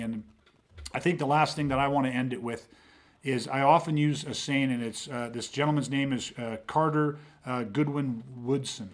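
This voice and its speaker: A middle-aged man on a podcast, talking intensely and swearing often, with frequent restarts as he builds a point. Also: medium pitch. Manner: intense, profane, repeats words when starting sentences. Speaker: podcast host. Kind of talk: casual podcast conversation.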